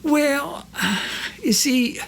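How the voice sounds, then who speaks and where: A man's voice: extremely high pitch, very slow, creaky, slight background noise, voice pushed up, exaggerated voice. A man voicing a rambling, evasive old rancher who drawls and stumbles over repeated words.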